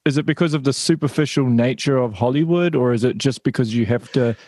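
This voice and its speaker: A man's voice: mid-range voice, fast talker, a little mellow, no room sound. A man hosting a casual interview, asking questions in a friendly, encouraging way. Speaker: podcast host.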